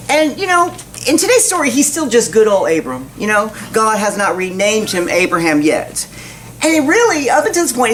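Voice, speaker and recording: A woman's voice: mid-range voice, slight background noise, low-quality recording. A woman preaching a sermon in church, folksy and storytelling, full of rhetorical questions.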